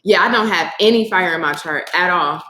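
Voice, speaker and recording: A woman's voice: on the low side, fairly quick, sharp tone, slight background noise. A woman giving a casual tarot reading to camera, effusive and swearing freely as she talks straight to her viewers. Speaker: tarot reader. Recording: echoey room.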